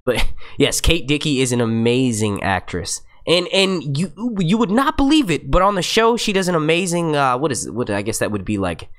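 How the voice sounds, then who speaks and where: A man's voice: a little high, big pitch swings, normal speed, a bit bright. A man talking into his computer microphone while he hosts a loose live Q&A for his channel. He rambles, trips over his own sentences and swears freely, with plenty of fillers. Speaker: YouTube show host. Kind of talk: casual live Q&A chat. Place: seated at a computer.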